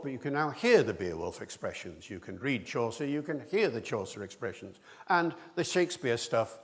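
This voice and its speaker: Older man lecturing in a reverberant hall. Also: lowish voice. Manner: discursive and enthusiastic, with asides. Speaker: linguist lecturer. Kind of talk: public lecture.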